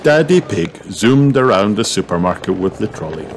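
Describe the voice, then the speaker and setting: A man reading a children's storybook aloud, gentle and measured. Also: lowish voice, big pitch swings, background noise. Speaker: narrator.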